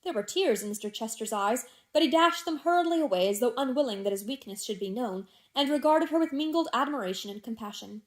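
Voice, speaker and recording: Woman, audiobook narration, classic novel, measured expressive reading, fairly high voice.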